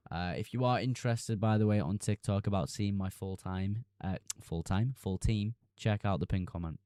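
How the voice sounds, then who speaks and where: Casual streamer man, low mellow voice. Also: clean tone, dry recording, studio quality. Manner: reads chat messages aloud and answers quickly. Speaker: streamer answering chat. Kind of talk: casual live stream chat.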